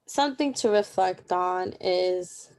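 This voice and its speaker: Speaking slowly in a fairly low, slightly mellow voice, a young woman hosts a Bible reading plan. Her commentary on the daily passage is relaxed and conversational, full of side remarks.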